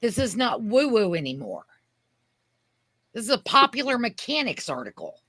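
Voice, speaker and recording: A woman's voice: fairly high pitch, sing-song, normal speed, bright, forceful tone, no echo. A woman co-hosting a casual podcast chat, emphatic and prone to trailing off while she hunts for things. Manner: emphatic, searches for things mid-sentence. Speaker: podcast co-host.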